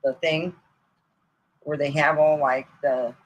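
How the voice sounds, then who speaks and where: A middle-aged woman from Michigan telling rambling comic stories, swinging between loud outbursts and mutters and laughing at her own jokes. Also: deep voice, steady tone, slow pace, dull audio. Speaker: comedy storyteller. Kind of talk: casual comic storytelling.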